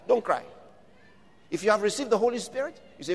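High, lively preacher in an echoing hall. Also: male voice, fast talker. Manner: emphatic, exhorting the congregation with repeated questions. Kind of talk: sermon. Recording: long reverb of a large hall.

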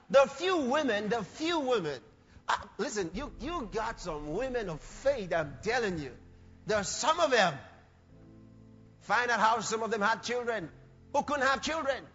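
A man's voice: very high voice, expressive, moderate pace, a bit bright, dull audio, faint music behind. A man preaching a sermon emphatically, repeating phrases and acting out the voices he quotes.

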